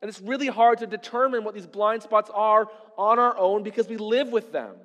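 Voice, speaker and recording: A man's voice: sits high, normal speed, fairly bright tone, big-room sound, muffled recording. A man preaching a sermon to a congregation in a conversational way, full of rhetorical questions. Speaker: pastor.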